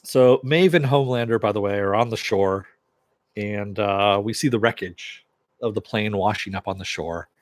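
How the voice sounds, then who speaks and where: A man's voice: on the low side, moderate pace, no echo. Chatty man recapping a TV episode. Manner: chatty, chuckling, acts out characters' lines with raised voice. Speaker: TV episode reviewer.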